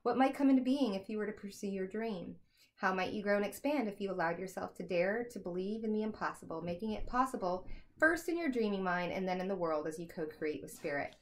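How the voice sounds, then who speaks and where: A young woman giving a casual tarot reading to camera at home, chatty and excitable, laughing often. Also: medium pitch, brisk. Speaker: tarot reader.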